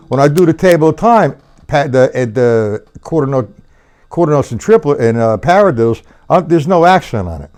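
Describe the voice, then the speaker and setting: A man teaches a drum lesson on a live stream, counting beats aloud as he plays and talking loosely to viewers, swearing at his own mistakes. His fairly high voice swings widely in pitch at a moderate pace, over loud music, with a drum kit faintly audible in the room.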